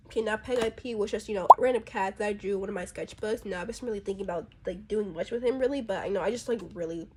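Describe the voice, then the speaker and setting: A woman's voice: mid-range voice, breathy edge. A woman casually chatting about her drawn characters, rambling and chatty, with plenty of fillers. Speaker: artist presenting her characters. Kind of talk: casual chat.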